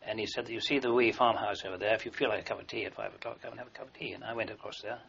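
An older army veteran recalls the war for an oral history, telling long, rambling anecdotes full of fillers and restarts. His voice is on the low side, steady, rapid-fire, and gravelly, fairly bright with a breathy edge. The lo-fi recording sounds dull.

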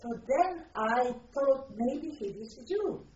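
An older woman from Poland, giving personal testimony in a reflective, halting way as she searches for words. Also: high voice, animated, a little mellow. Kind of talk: personal testimony, recalled aloud. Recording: distant roomy lo-fi recording.

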